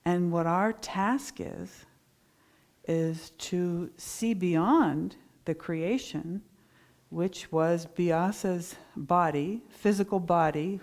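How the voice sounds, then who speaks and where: A middle-aged woman preaching at a Sunday service, spinning a story with animated, lively delivery. Her voice sits a little low for a woman. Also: takes it slowly. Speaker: minister giving a Sunday talk. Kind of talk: sermon storytelling.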